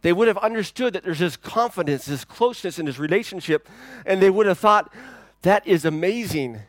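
Male pastor preaching a sermon, conversational, shifts from loud emphasis to near-whispers; a bit high-pitched, dry sound. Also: animated, a little fast, no room sound. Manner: conversational and dynamic, swinging from loud to hushed.

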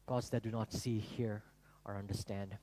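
A man preaching a sermon to his congregation, animated and rhetorical, asking them questions. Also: lowish voice, moderate pace. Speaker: pastor. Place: church.

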